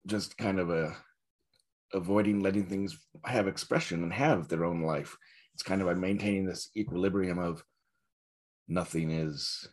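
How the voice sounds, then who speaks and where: A man giving a dharma talk as a Zen teacher, reflective and searching, with soft laughs. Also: low voice, breathy edge.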